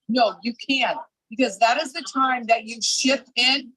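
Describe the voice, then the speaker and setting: A woman recording a motivational pep talk in a resort hotel, emphatic and energetic, repeating herself for push. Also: sits high, normal speed, dry recording, rough recording. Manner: energetic, emphatic, repeats "I'm telling you". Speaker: network marketing team leader. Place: public area of a resort hotel.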